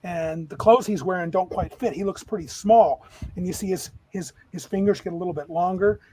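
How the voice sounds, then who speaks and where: A man running a tabletop game as game master, describing scenes in a lively, rambling way. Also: high voice, a little fast, slight background noise, poor audio.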